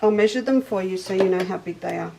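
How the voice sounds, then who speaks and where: A woman's voice: medium pitch, quick pace, creaky, dark tone, a little hiss or hum, rough recording. A middle-aged woman hosting a casual live sewing chat, greeting viewers by name as she goes. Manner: chatty, greets viewers by name, eats on air. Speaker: shop owner and livestream host.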